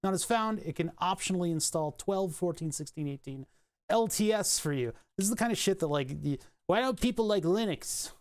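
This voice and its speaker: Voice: mid-range voice, expressive, a little fast. Streamer type: mid-range voice, casual, profane, laughs off technical failures. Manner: thinks aloud, swears, laughs at own frustration. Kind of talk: casual live-stream chat while fixing software.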